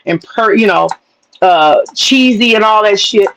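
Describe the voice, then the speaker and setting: A woman's voice: mid-range voice, a little slow, a bit bright, a little hiss or hum, poor audio. A woman from the American South, hosting a livestream and ranting in a blunt, profane, wisecracking way. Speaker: livestream host. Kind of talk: casual commentary rant.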